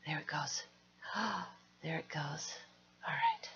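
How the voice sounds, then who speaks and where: A woman's voice: deep voice, huge pitch swings, slow pace, a bit bright, husky. A middle-aged woman hosting an art live stream, chatting casually and gushing with delight as she opens mail. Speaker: art channel host. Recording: slightly dull lo-fi stream audio.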